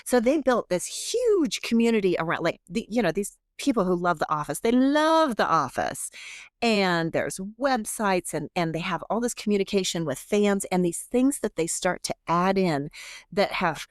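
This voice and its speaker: A middle-aged woman professor, chatty and animated, often interrupting herself as she talks in a podcast interview. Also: medium pitch, moderate pace, no room sound, clean studio sound. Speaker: guest professor.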